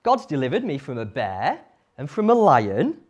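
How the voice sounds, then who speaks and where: A woman's voice: very deep voice, huge pitch swings, moderate pace, a little mellow, pitched below the performer's own voice, full character voice. A woman voicing a confident, earnest shepherd boy in a retold Bible story. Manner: earnest, indignant and sure.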